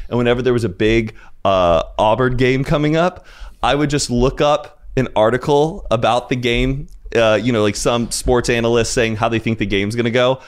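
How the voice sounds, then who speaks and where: A young man telling stories as a podcast guest in a laid-back, rambling way. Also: medium pitch. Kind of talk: casual storytelling.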